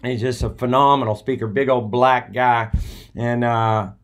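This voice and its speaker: A man's voice: medium pitch, fairly even intonation, measured pace. A man hosting a talk show, telling a story in a casual, rambling monologue full of hesitations. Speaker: podcast host.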